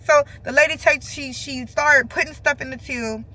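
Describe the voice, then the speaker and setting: A woman with telling a casual storytime vlog from her car, acting out other people's lines in an animated way. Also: high-pitched, normal speed. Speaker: vlogger. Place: parked car.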